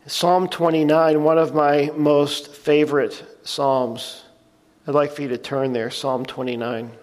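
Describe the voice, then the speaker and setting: A pastor with a voice on the high side reads scripture earnestly during his sermon and explains it plainly. His pitch barely moves and his pace is a little slow, while the large hall adds a long reverb.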